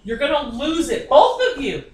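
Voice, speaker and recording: This woman sounds animated and a little mellow, her voice sitting high and her pace moderate. She's a psychic medium doing a reading in a private home, outspoken, insistent, and full of swearing. An echoey room, distant mic, and faint ambience come through.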